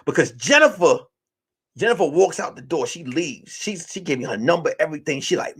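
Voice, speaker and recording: A male comedian and podcast host telling a wild story, acting out the people in it and swinging from hushed lines to shouting. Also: a little high, lively intonation, a little fast, breathy edge.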